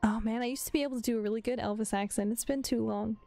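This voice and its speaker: A woman's voice: on the high side, steady tone, very fast, warm tone, faint music behind. A woman streaming a game with casual commentary, reading the dialogue aloud between chatty asides, swearing freely and laughing often.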